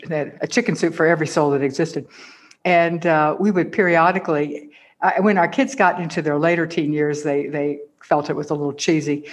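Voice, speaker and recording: A woman hosting an interview, chatting thoughtfully and affirming her guest with murmurs. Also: sits low. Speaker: podcast host. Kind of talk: conversational interview.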